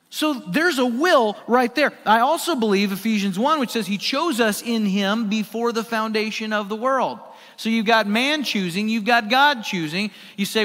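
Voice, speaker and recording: Bright, high-voiced male pastor preaching. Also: moderate pace, long reverb tail. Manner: conversational preaching with rhetorical questions to the congregation. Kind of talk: sermon. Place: church sanctuary.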